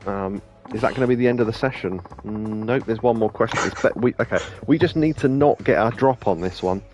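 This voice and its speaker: A man's voice: lowish voice, brisk, music in the background. A man chatting casually over gameplay, rambling through stories with many restarts and laughs. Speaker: let's play host.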